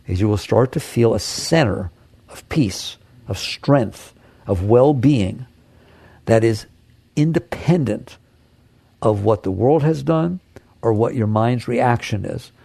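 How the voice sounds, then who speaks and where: A man's voice: mid-range voice, gravelly, dark tone, no room sound. A man giving a spiritual talk as a teacher, emphatic and repetitive, asking rhetorical questions. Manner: emphatic, repeats key phrases, rhetorical questions.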